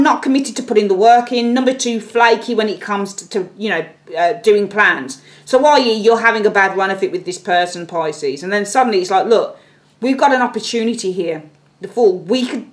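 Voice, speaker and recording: A woman tarot reader giving a casual, animated reading, bluntly and with the odd swear word. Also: medium pitch.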